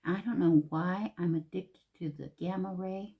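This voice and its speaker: Brief: woman vlogger, lower-pitched, chatty makeup talk with whispered asides. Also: steady tone, moderate pace, mellow, slightly rough. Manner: chatty, drops into whispers, repeats words. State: a little out of breath. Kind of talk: casual makeup tutorial chat.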